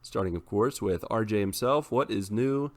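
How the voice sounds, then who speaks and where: A man's voice: lowish voice, normal speed. A man in his thirties hosting a casual podcast, opening with theatrical, playful introductions. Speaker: podcast host.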